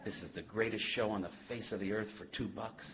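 A man giving a personal testimony talk as a speaker at a recovery meeting, an animated storyteller who laughs often and then drops to a hush. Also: lowish voice, a little fast, noisy background. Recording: muffled lo-fi recording.

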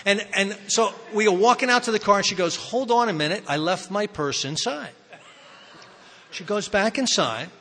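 A man's voice: high voice, normal speed, pushed and bright. A man telling his recovery story to a live audience in a rambling, self-mocking way, full of fillers and restarts. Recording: reverberant hall.

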